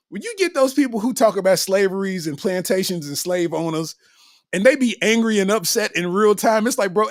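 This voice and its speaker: Laughing man ranting with lively pitch. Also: dry recording, studio quality. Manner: loud laughing, slangy, freestyles a rap at the end. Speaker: podcast host. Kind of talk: comedic rant.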